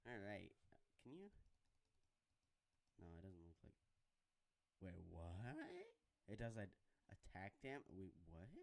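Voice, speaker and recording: A man's voice: deep voice, lively intonation, slow pace, vocal fry, pauses often. Rambling Southern US man gaming. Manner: rambling, self-mocking, restarts often. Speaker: video game player and YouTuber. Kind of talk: gameplay commentary.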